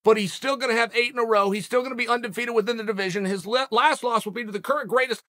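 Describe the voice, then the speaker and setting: High, bright-voiced man holding forth. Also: steady tone, racing. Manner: emphatic, punchy rhetorical delivery. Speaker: MMA podcast host. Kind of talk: casual commentary monologue.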